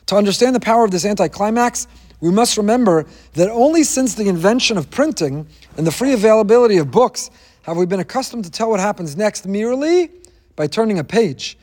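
A man's voice: sits high, animated, fairly quick, darkish tone, in a large hall. A man teaching a sermon on the weekly Torah portion, an emphatic storyteller who sprinkles in Hebrew terms.

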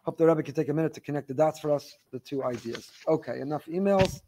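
A man teaching a Torah class, reading listener emails aloud in an animated storytelling way with wry asides. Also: on the high side, fast talker.

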